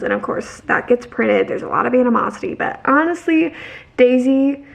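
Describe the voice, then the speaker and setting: A woman with a fairly high voice and a lot of vocal fry talks through a book's story in a casual recap. She rambles, restarts her sentences and leans hard on her opinions. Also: expressive, moderate pace. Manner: rambling, heavy on fillers and restarts; emphatic, opinionated. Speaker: book vlogger.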